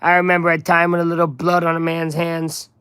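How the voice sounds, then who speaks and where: A man putting on the voice of a measured, menacing male crime boss while reading game dialogue aloud. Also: fairly high pitch, completely flat delivery, fairly bright tone, smooth, dry recording, close to an everyday voice. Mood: scornful.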